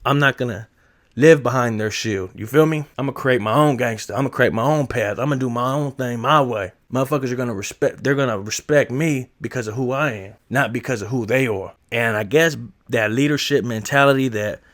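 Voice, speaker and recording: A man vlogging in casual, slangy storytelling, animated and laughing often as he talks. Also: mid-range voice, brisk, few pauses.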